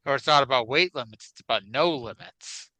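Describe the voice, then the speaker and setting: A man's voice: medium pitch, brisk, sharp tone, no echo, rough recording. A man co-hosting a podcast, chatting casually with wry, profane humor. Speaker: podcast co-host. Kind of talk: casual chat about wrestling.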